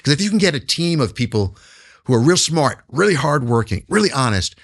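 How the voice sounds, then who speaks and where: A man's voice: a little high, sing-song, a little fast. A man answering interview questions as a business guest, emphatic and repeating words for stress.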